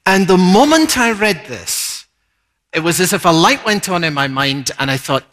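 A man's voice: high voice, sing-song, moderate pace, a bit bright. A male pastor preaching a sermon, with an earnest and emphatic delivery. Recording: long reverb of a church hall.

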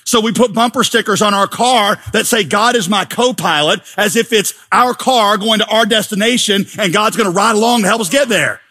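Bright-toned male preacher, high voice, playful sermon delivery with acted-out voices. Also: normal speed, few pauses. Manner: animated, joking, acts out voices. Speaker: pastor.

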